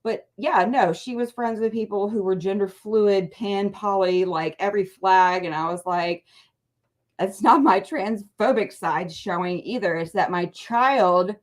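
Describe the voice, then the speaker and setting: A woman's voice: medium pitch, measured pace. A middle-aged woman chatting about politics as a guest, in a rambling way full of restarts and fillers. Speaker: guest, parent advocacy co-founder. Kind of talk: casual political chat.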